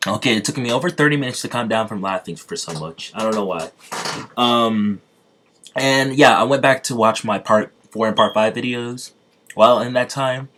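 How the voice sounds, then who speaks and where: A man's voice: mid-range voice, normal speed, a bit bright, slight background noise. A man telling a made-up fan story in a casual, rambling way, with many fillers, restarts and frequent laughter.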